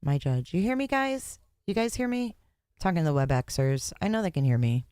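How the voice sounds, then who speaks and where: A woman's voice: lowish voice, lively intonation, brisk, warm tone, clear, resonant tone, no echo, clean studio sound. A woman hosting a casual livestream, chatting and joking with her viewers between court sessions. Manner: chatty, joking, talks to chat. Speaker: livestream host.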